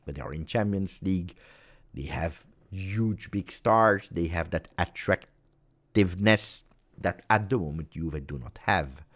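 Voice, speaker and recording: A middle-aged man with an Italian accent hosts a casual football livestream. His voice sits low, and he talks in an animated way, repeating phrases for emphasis. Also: measured pace. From Italy. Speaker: football channel host. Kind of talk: casual livestream chat with viewers.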